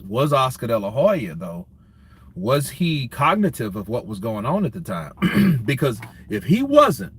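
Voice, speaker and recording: A man with a husky, medium-pitched voice hosts a casual boxing livestream. He jokes crudely, reads out viewer super chats, and acts out skits in other voices.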